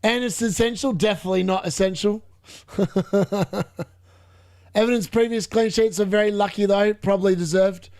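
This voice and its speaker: A young man commentating live on football matches for a fantasy football stream, chatting along and bursting into shouts at near misses. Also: high-pitched, steady tone, moderate pace. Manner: chatty, muttering asides between reactions.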